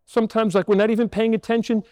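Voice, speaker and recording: A man's voice: high voice, flat delivery, quick pace, a little mellow, no echo, long reverb tail. A man in his sixties, a priest, telling a story in a homily to children and asking them rhetorical questions. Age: 60s. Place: church.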